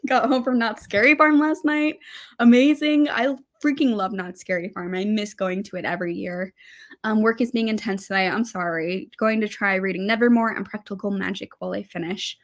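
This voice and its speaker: A woman's voice: medium pitch, normal speed. Bubbly young woman chatting on a livestream. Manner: chatty, bubbly, reads out viewer comments. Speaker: livestream host. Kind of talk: casual livestream chat.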